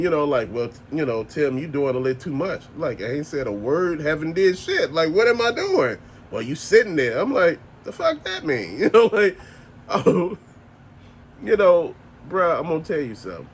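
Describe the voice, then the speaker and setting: A man's voice: mid-range voice, a little hiss or hum. A middle-aged man ranting in a blunt, profane, conversational way, speaking off the cuff as a vlogger. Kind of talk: casual ranting monologue.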